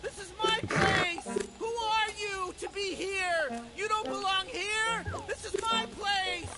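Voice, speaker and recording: A squealing, unhinged tree dweller shrieks at intruders in an extremely high, strained voice and swears at every turn. It comes through as game audio with a loud soundtrack playing behind. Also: male voice, unhurried, over music. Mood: furious. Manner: screams possessively, swearing constantly. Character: shrieking territorial tree-dwelling man, furious. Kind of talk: comedy video game voice acting.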